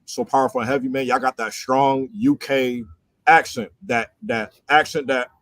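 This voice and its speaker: A man speaks earnestly and haltingly, with plenty of pauses and fillers. His voice is middle-pitched and recorded dry and close. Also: fairly even intonation, fairly bright tone, dry recording. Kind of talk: casual chat.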